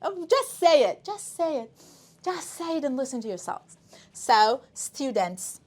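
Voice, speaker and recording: A woman's voice: high-pitched, very animated, a little slow, darkish tone. A woman teaching a live English exam-prep class. She speaks emphatically, repeating words aloud and drilling them for her students.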